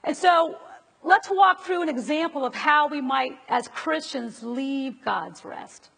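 Woman preacher, high-pitched, raspy with vocal fry, conversational sermon, rhetorical questions, long hall reverb. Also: slow, a bit bright. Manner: asks the audience rhetorical questions.

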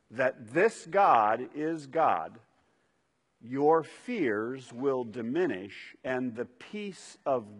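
A man preaching a sermon as pastor, stressing and repeating key phrases. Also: mid-range voice. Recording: reverberant hall.

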